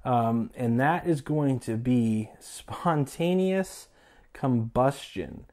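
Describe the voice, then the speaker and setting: A man's voice: mid-range voice, lively intonation, slow, darkish tone. A man casually reviewing a board game, chatty with many fillers and laughing at the topic. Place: indoors at a table with the game.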